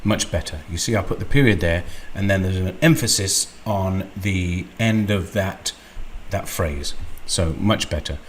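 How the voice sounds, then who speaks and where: A man hosting a screen-recorded software walkthrough, unhurried and thinking aloud with frequent ums. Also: low voice, a little hiss or hum. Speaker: tutorial host.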